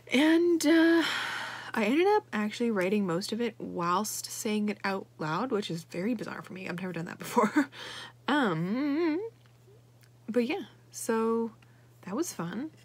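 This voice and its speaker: A young vlogger talks casually in a writing vlog, chatty and rambling with many fillers. Her medium-pitched voice is husky and expressive, and she keeps a measured pace.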